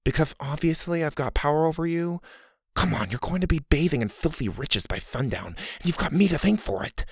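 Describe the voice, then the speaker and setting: A man's voice: a little high, expressive, brisk, breathy edge, no room sound, studio quality, pitched above the performer's own voice. A man voicing a cheeky, cocky schoolboy who teases his friend. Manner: cocky, teasing. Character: cheeky chubby schoolboy schemer.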